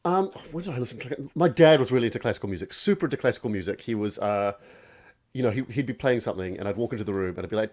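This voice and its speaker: A man's voice: medium pitch, lively intonation, rapid-fire, a little mellow. A man as a podcast guest, telling comic stories and acting out other people's voices. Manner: comic storyteller, acts out voices. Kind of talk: casual chat.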